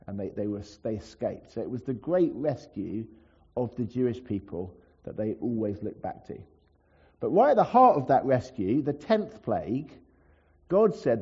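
A man's voice: mid-range voice, very animated, moderate pace, warm tone, breathy edge, highs cut off. Man preaching casually in church. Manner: conversational, with asides to the congregation. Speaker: pastor. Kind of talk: sermon.

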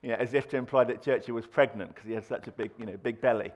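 Speaking fast in a mid-range voice, a man preaches a conversational sermon full of fillers and restarts. He raises his voice whenever he acts out quoted lines.

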